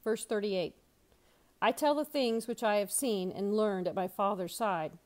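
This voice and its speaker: A woman pastor reading Bible passages aloud, expressive, with brief lively asides. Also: medium pitch, measured pace.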